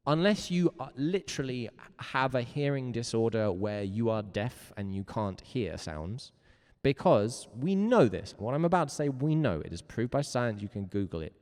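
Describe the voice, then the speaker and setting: A man's voice: lowish voice, a little mellow, big-room sound. A man teaching an online music lesson, enthusiastic and coaxing, asking his learners again and again if they are ready.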